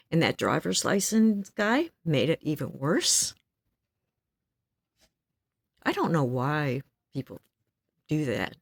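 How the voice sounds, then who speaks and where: A woman's voice: mid-range voice, no room sound, studio quality. A woman in her seventies venting in a blunt, stern, outspoken way, breaking into laughs between remarks. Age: 70s. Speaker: vlogger. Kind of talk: casual venting monologue.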